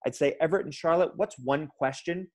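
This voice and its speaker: A man speaking to teachers in a training talk, an emphatic and energetic storyteller who calls his audience "guys". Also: on the high side, brisk. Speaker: education speaker.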